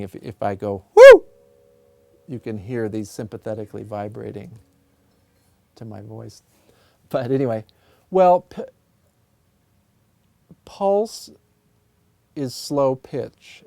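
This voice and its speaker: A man's voice: fairly low pitch, vocal fry, dark tone, dry recording. A man, a composer and music theorist, thoughtfully explaining ideas about sound in an interview in his office. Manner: thoughtful, musing, explains with sung sound examples.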